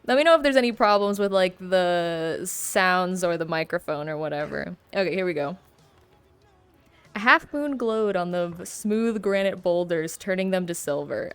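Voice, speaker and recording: Young woman, clear smooth voice, giggly streamer reading on a bus. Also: fairly low pitch, dry recording. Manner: giggly, chatty asides between read passages. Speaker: streamer reading a book aloud. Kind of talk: casual live-stream reading. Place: on a moving bus.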